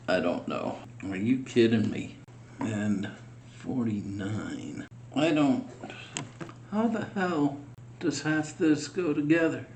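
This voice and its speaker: A man narrates his scale model build in a slow, unhurried way. He mutters and grumbles in frustration at the tiny parts as he works. The sound is roomy, with a faint hum behind him. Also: mid-range voice. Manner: muttering to himself, frustrated and exasperated. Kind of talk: casual build vlog narration.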